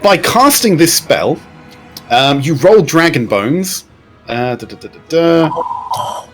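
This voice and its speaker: Lively male game master. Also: a little high, slow, soft background music. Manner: lively, explanatory, jokey. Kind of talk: running a tabletop game.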